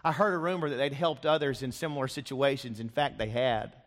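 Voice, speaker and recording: In a church sanctuary, a pastor with a medium-pitched voice preaches a little fast. He tells the story dramatically, acting out the voices of the people in it. The recording carries the long reverb of a church hall.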